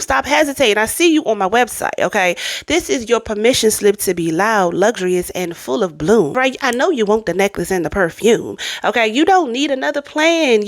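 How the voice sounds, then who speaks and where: A woman's voice: on the high side, no echo. A woman giving an emphatic, repetitive motivational pep talk, full of slang and calling the listener girl and babe. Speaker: self-help vlogger. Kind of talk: motivational monologue.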